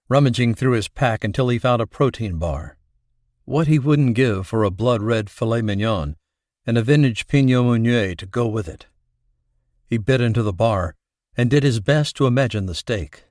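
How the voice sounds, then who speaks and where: Steady male audiobook narrator, dry sound. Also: medium pitch, normal speed, no room sound. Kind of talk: scripted narration.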